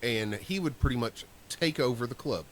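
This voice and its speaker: A man's voice: mid-range voice, moderate pace, a little hiss or hum. A man co-hosting a podcast, telling stories in loose, profane casual chat. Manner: animated, acts out voices in his stories. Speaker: podcast co-host.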